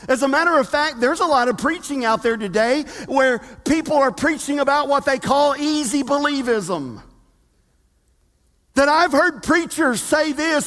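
A man delivers a sermon in a strikingly high voice, taking his time over each phrase. He swings from quiet, low asides to loud emphatic cries. His voice rings with the long reverb of a large church hall. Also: unhurried. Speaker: preacher.

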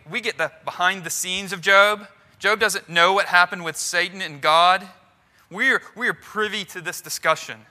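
A man's voice: sits high, bright, forceful tone. A man preaching a sermon to his church in an earnest, conversational way, often restarting his phrases. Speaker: pastor.

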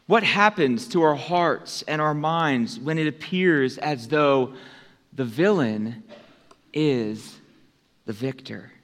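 A man preaching a sermon as pastor, in an unhurried, conversational way that lifts for emphasis. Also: a little high, animated, fairly bright tone. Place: church sanctuary. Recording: long church hall reverb.

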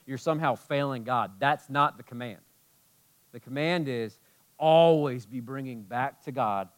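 A man preaching a sermon as a pastor, impassioned, moving between loud emphasis and hushed tenderness. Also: a little high.

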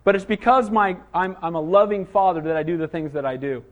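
A man's voice: high-pitched, fairly quick. A man preaching a sermon, a father of small children, full of rhetorical questions and frequent calls of "Amen?" to the congregation. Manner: call-and-response, asks "Amen?" often; rhetorical questions, rising to emphatic cries. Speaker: pastor.

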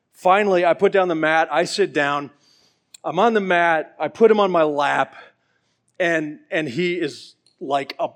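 A middle-aged man preaching a sermon, earnest and pleading, telling stories along the way. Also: fairly high pitch. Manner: earnest and pleading, with storytelling asides.

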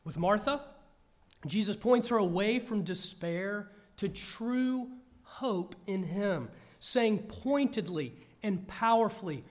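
Male preacher, earnest scripture reading, high voice, deliberate pace. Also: animated. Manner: slow, measured, earnest delivery.

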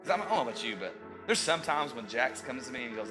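A man in his thirties preaching a sermon as pastor, rising to loud peaks and dropping into joking asides. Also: medium pitch, big pitch swings, racing, over music.

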